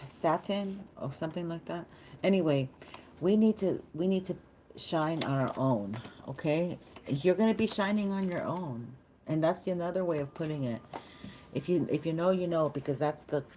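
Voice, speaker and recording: A woman's voice: low-pitched, mellow, a little hiss or hum. A woman giving a chatty, meandering live tarot reading, easily delighted and talking straight to her viewers. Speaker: tarot reader.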